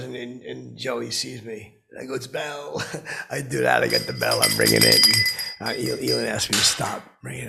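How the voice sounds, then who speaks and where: A clueless, self-important braggart, as a man puts him on for a comedic monologue, his voice gravelly and rough with a husky, raspy edge. He rambles through his boasts, looping back on himself again and again. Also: fairly low pitch, bright, forceful tone, full character voice. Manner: rambling, self-aggrandizing, repeats "I go". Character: boastful, clueless middle-aged man telling tall tales.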